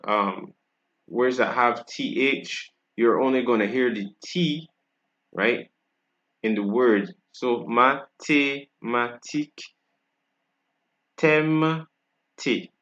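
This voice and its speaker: A man's voice: medium pitch, fairly bright tone, dull audio. A man with a Barbadian accent, teaching a French pronunciation lesson in a casual, patient way and often checking in with tag questions.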